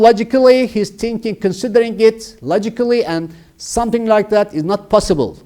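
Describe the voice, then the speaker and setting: A man's voice: high-pitched, warm tone. A middle-aged man with a Turkish accent teaching a grammar lesson, emphatic and repeating key words for his students. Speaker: English teacher.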